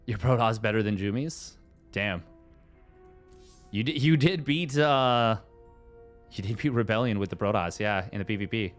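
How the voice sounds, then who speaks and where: A man's voice: on the low side, normal speed, pauses often, soft background music. A Canadian man casting a tournament in a casual, chatty way, answering viewers' questions aloud. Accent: Canadian English. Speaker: tournament caster. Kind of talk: casual live commentary and chat reading.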